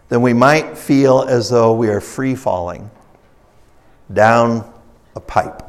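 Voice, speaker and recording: A man's voice: medium pitch, measured pace. Folksy male preacher telling stories. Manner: conversational storytelling, rising with emphasis; folksy, acts out characters in stories. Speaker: pastor leading a recovery ministry. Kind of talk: sermon.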